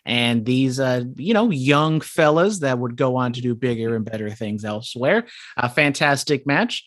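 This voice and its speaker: A man co-hosting a wrestling podcast, talking in a relaxed, wry way with lots of fillers. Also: mid-range voice, normal speed, no echo, studio quality. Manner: easygoing, wry, filler-heavy. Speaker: podcast co-host. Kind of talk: casual wrestling podcast talk.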